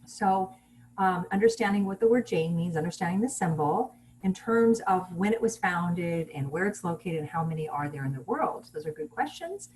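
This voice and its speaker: A woman giving a relaxed online lecture over a video call, explaining things plainly with fillers and restarts. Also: fairly low pitch, moderate pace, poor audio. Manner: casual teaching with fillers and restarts.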